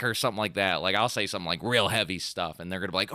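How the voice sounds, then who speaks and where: A man's voice: fairly low pitch, quick pace, hardly any pauses, clean tone, dry recording, clean studio sound. A young man on a podcast, chatting casually and rambling as a band singer, with lots of "like" and mouth-made riff sounds. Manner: rambling and animated, full of "like", mimics riffs with "bum" and "dun" sounds. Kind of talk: casual chat.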